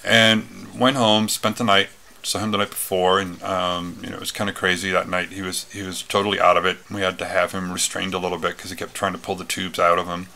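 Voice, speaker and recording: A man's voice: sits low, level tone, brisk, vocal fry, sharp tone. A man telling a personal story in a casual talk, rambling with many fillers and restarts. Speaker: retreat speaker.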